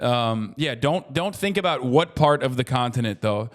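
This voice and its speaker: A man's voice: medium pitch, animated, moderate pace, hardly any pauses. A man in his thirties streaming casual political commentary, ranting with heavy profanity.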